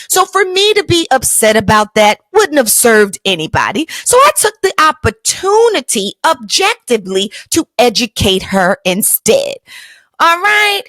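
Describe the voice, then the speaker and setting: A woman's voice: high-pitched, big pitch swings, normal speed, a bit bright, no room sound. A woman hosting a podcast, telling a personal story in an emphatic, colloquial, motivational way. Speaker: podcast host.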